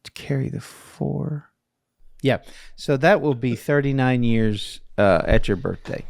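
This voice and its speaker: A man's voice: mid-range voice, animated, a little slow, gravelly, no echo, studio quality. A man in his forties, a podcast co-host, telling family stories in a rambling, chuckling way with many restarts. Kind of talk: casual chat.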